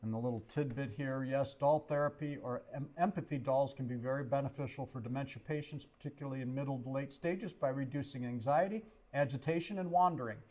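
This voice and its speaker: Man, trivia reader on a casual show, halting and self-mocking. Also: medium pitch, warm tone. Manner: reads haltingly, stumbles over words, jokey asides. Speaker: co-host reading trivia questions. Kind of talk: reading trivia on a livestream.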